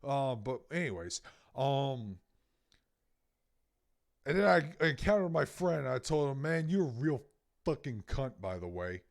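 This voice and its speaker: A man in his thirties from Louisiana, a podcast co-host telling an animated, profane story in casual chat. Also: medium pitch, unhurried, creaky, pauses often.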